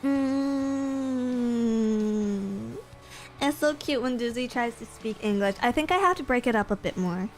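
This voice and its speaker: Giggly woman streamer, slightly high voice. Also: lively intonation, brisk, few pauses, fairly bright tone, faint music behind. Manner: playful, giggly, self-mocking. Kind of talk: casual chat reading viewer comments.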